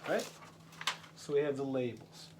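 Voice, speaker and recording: A man teaching a vocabulary lesson to English learners, speaking slowly and patiently and repeating each word. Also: mid-range voice, a little mellow, a little hiss or hum.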